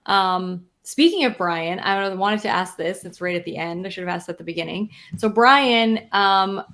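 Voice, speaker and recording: A woman's voice: mid-range voice, moderate pace, fairly bright tone. A woman co-hosting a podcast, talking in an earnest, thoughtful way with many fillers. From Canada. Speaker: podcast co-host. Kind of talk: casual chat.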